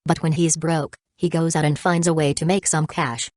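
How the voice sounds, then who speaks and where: A woman voicing a calm, cool-headed teenage older brother in an audiobook. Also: sits low, moderate pace, no room sound, studio quality, lightly acted. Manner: calm, icy.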